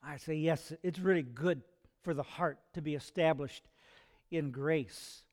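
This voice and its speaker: A man's voice: fairly high pitch, unhurried. A man preaching a sermon in an earnest, conversational way, asking his listeners rhetorical questions. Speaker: pastor.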